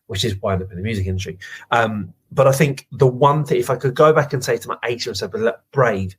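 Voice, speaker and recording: A middle-aged man from England, a guest in an interview, telling lively anecdotes and acting out the voices of people he quotes. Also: medium pitch, fast, slightly rough, rough recording. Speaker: guest, music producer. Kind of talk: storytelling interview answers.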